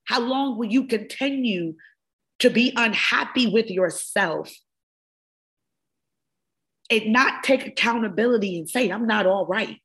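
A woman's voice: on the high side, unhurried, long pauses, a bit bright. A woman hosting a wellness podcast, giving an impassioned motivational talk full of repeated phrases. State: emotional. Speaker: podcast host, wellness coach. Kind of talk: motivational monologue.

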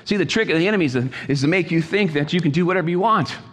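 A pastor preaches an exhorting sermon, repeating phrases and shifting between quiet asides and loud calls. His voice is fairly high-pitched and very fast, with a long reverb tail.

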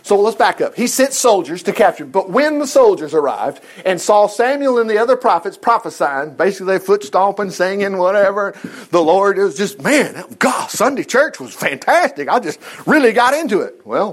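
A man teaching from the Bible in an informal, animated way, full of chatty asides and chuckles. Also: sits high, normal speed.

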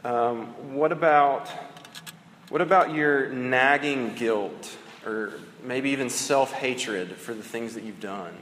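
A man's voice: mid-range voice, fairly bright tone, slight background noise. A man in his thirties preaching a sermon in a conversational way, with fillers and restarts. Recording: echoey hall with long reverb.

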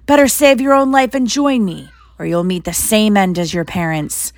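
Woman doing a hissing, shrieking sinister dark lord for a storybook read, mid-height voice, dry close sound. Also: medium pitch, normal speed, no echo, lightly acted. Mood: menacing. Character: sinister male dark-lord face, cruel and commanding.

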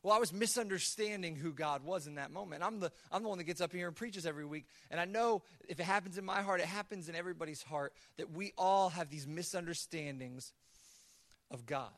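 A man's voice: high-pitched, a little fast, a bit bright, dry recording. A man preaching a sermon as the pastor, earnest, often repeating words as he builds a point. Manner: acts out God's voice in quoted asides.

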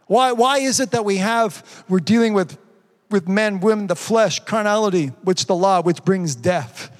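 A man's voice: high voice, moderate pace, long reverb tail. A man preaching a sermon as pastor, calling out to the congregation and asking rhetorical questions. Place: church.

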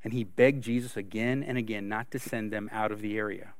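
A man's voice: on the low side, fairly even intonation, fairly quick, smooth, no echo, studio quality. A man preaching a sermon, earnest and full of rhetorical questions. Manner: earnest, asks rhetorical questions, many restarts. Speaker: pastor.

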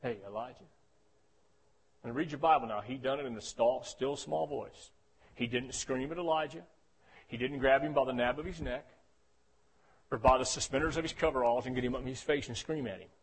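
A man preaching a sermon as pastor, swinging between soft low passages and loud shouted ones, often calling out "Amen?". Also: a little fast, slightly rough. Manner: calls for "Amen?" responses.

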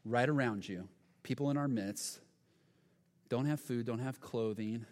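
A man's voice: medium pitch, a little slow, a little mellow. A man preaching a sermon as pastor, earnest and emphatic, sometimes stumbling over his words. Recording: long hall reverb.

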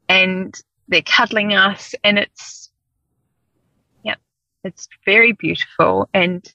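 A woman's voice: on the low side, vocal fry, sharp tone, no echo, lo-fi sound. A woman in her thirties or forties telling a personal story, candid and emotional, hesitating with ums. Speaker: guest.

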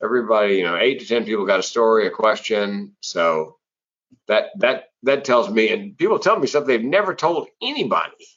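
A middle-aged man with a husky voice, a public speaker and former comedian telling stories in an interview and acting out the people he quotes. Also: lowish voice, moderate pace. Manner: animated storyteller who acts out quoted voices. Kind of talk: conversational storytelling in an interview. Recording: slightly dull, lo-fi audio.

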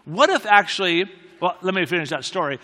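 A man's voice: high voice, animated, brisk, bright, forceful tone. A man preaching a sermon to a live audience, telling a story in a conversational way with self-deprecating humor and repeated key phrases. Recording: long reverb of a large hall.

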